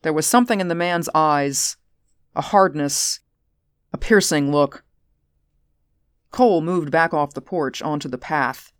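A woman narrating a story aloud in a measured audiobook reading. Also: low voice, clear, resonant tone, no echo, clean studio sound. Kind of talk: audiobook narration of science fiction.

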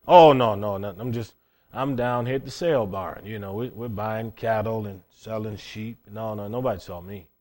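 A man's voice: mid-range voice, a little slow, pauses often, dark tone, natural voice. A man preaching, voicing a frightened fisherman who mumbles evasive denials. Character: frightened fisherman denying everything, grown man.

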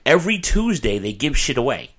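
A man's voice: mid-range voice, very animated, a little fast, fairly bright tone, slightly rough. A man hosting a casual podcast chat, a rambling storyteller who swears and restarts often. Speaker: podcast host.

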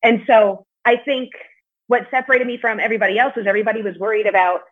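A woman's voice: on the high side, fairly even intonation, quick pace, husky. Woman, podcast guest, candid and chatty, casual swearing, thin phone-like sound. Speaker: podcast guest, martial arts competitor. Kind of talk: casual interview talk. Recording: tinny phone-like line.

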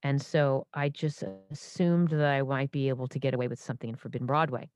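A woman in her fifties, a stage performer and impressionist, telling stories in an animated way full of restarts and asides. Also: extremely low pitch, fast, no echo. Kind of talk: casual interview storytelling.

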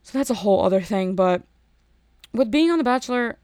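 A woman, ranting in a sarcastic, animated monologue that jumps between topics. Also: mid-range voice, fairly quick, dry recording, studio quality.

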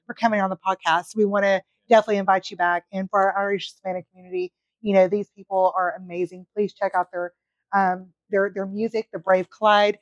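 A woman's voice: medium pitch, little pitch movement, fairly quick, no echo, lo-fi sound. A woman from North Carolina, hosting a podcast in chatty, enthusiastic casual conversation. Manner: chatty, enthusiastic, frequent "like" and "you know". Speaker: podcast host. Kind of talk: casual interview chat.

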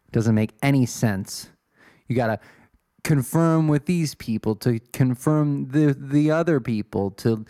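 A man's voice: mid-range voice, mellow, no echo, studio quality. A man in his twenties from Illinois, rambling through a casual, self-deprecating monologue as a podcast host. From Illinois, USA. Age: 20s. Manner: self-deprecating, swears, wanders off topic.

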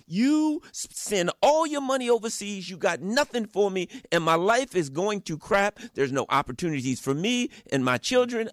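A man's voice: high-pitched, a bit bright, no room sound, clean studio sound. A middle-aged man giving fiery, angry political commentary, full of rhetorical questions and mocking quoted voices. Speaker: radio guest commentator.

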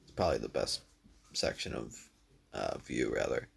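A man's voice: a bass voice, animated, normal speed, gravelly, fairly bright tone, slightly rough. A man casually telling a long story to a friend, laid-back, swearing freely and filling his talk with "dude" and "like".

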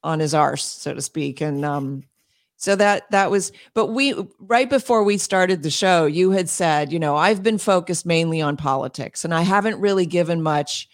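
A woman speaking as an interview guest and homeschool advocate, emphatic and quick, with frequent laughs and restarts. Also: fairly low pitch. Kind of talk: passionate interview talk.

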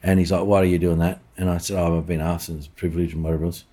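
Deep-voiced Australian man telling stories. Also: level tone, very fast, warm tone. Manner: rambling anecdotes with many restarts and fillers. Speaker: chef, podcast guest. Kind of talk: casual interview storytelling.

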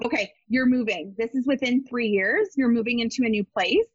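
A woman's voice: fairly high pitch, brisk, slightly rough, no echo. Emphatic psychic woman on a lo-fi call. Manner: emphatic, repeats phrases, many fillers. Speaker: psychic medium guest. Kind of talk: casual psychic reading.

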